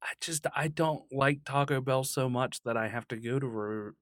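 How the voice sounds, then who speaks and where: A man co-hosts a podcast in loose, casual chat, laid-back and quick to laugh, tossing in the odd swear word. His voice sits in a middle range. The studio sound is close and dry. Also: medium pitch, no echo. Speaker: podcast co-host. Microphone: studio mic.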